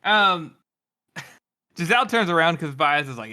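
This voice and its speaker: A man's voice: fairly high pitch, lively intonation, measured pace, pushed and bright. A man co-hosting a book podcast, retelling a scene casually and laughing often. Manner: giggly, laughs through retelling. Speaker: podcast co-host.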